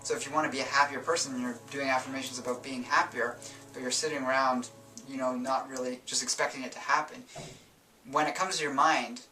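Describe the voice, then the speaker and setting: Male self-help host, loose rambling delivery, bright tone, faint music under a roomy recording. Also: medium pitch, far from the mic. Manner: relaxed, rambling explanations with fillers and self-corrections. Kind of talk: casual instructional talk.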